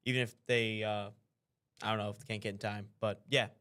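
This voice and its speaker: A man's voice: lowish voice, flat delivery, brisk, sharp tone. A man co-hosting a live show, talking in an easygoing, chatty, upbeat way. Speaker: co-host. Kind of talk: casual live show chat.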